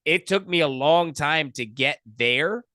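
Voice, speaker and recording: A young adult man, a podcast guest, telling a personal story in a profane, animated, casual way. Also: on the high side, a little slow, dry recording, clean studio sound.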